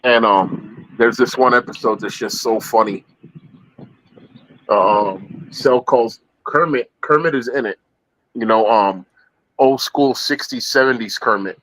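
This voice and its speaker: A man in loose, rambling podcast conversation. He circles back over his points and laughs easily, at a middling pitch. The sound is dry and close, with no room echo. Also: measured pace, a bit bright. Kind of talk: casual chat.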